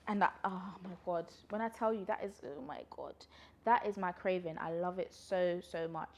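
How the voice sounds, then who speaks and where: A woman's voice: on the low side, steady tone, normal speed. A woman, chatting casually through a pregnancy Q&A vlog, a little out of breath and laughing often. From London, UK. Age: 20s. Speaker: vlogger.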